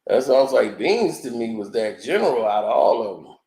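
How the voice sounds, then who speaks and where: A man's voice: mid-range voice, very animated, fairly quick, dark tone, reverberant. A man giving casual commentary on an interview, telling stories animatedly, acting out quotes and laughing often.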